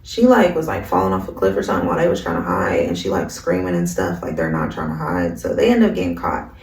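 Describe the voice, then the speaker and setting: A woman's voice: very deep voice, sing-song, fast, darkish tone, recorded from a distance. A woman vlogger in a slangy, chatty casual recap of an anime, recorded in an echoey room. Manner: slangy, chatty, lots of fillers.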